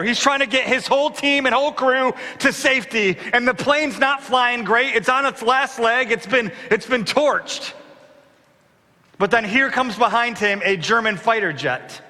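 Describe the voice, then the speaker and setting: A man's voice: extremely high pitch, normal speed, bright, forceful tone, in a large hall. A man preaching a sermon as pastor, with impassioned rhetorical questions. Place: church.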